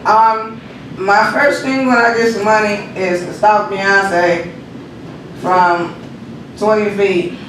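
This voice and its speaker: Taking it slowly and pausing often, a high-pitched man rehearses stand-up, spinning profane, animated tales and chuckling at his own gags. The sound is distant and noisy, bouncing around an echoey room.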